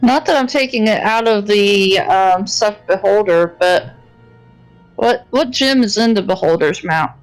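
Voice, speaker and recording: A woman's voice: medium pitch, a little slow, faint music behind, rough recording. A woman chatting as a player in a tabletop game, listing details carefully. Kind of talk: casual game chat.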